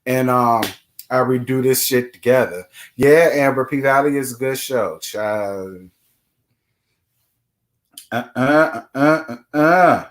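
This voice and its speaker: A man's voice: medium pitch, takes it slowly, long pauses. A man hosting a casual live stream, greeting chat viewers by name and giving blunt, sassy commentary full of swearing.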